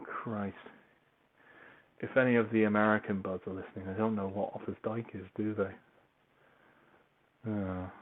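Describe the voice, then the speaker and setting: Rambling man, tinny phone sound. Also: on the low side. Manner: chatty, meandering, self-deprecating; moving about while tidying. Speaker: podcaster reviewing a book series. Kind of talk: casual rambling monologue. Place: at home, large open-plan room. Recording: tinny phone-like recording, faint noise.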